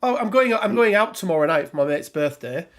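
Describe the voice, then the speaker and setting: Brief: rambling middle-aged English man, slightly high voice, live-stream host. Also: expressive, brisk, a little hiss or hum. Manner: chatty, rambling, reads out viewer names. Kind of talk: casual live-stream chat.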